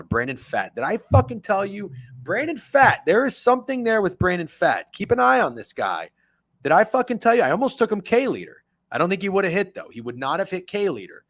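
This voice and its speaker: A man's voice: medium pitch, fairly bright tone, dry recording. Casual man hosting a betting stream, profane and rambling, dry close mic. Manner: loose, profane, chatty, reads chat aloud. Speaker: sports betting show host. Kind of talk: casual livestream chat with viewers.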